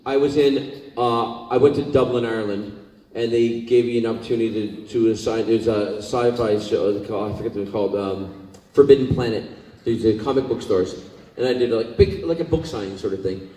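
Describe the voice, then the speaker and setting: A man from Scotland shares rambling, heartfelt convention stories, his voice dark and mellow. He is picked up from a distance in a big reverberant hall. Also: on the low side, fairly quick. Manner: rambling, emotional, many fillers. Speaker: convention guest actor. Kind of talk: convention panel storytelling. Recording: echoey hall, distant mic.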